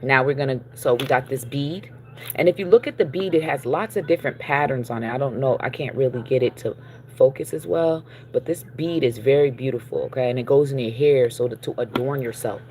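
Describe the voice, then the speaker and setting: A tarot card reader giving a casual spiritual reading, encouraging and loose, often checking in with listeners with a quick "okay?" or "all right?" and pausing on fillers. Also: mid-range voice, a little mellow, a little hiss or hum. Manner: loose and chatty, with fillers and self-corrections.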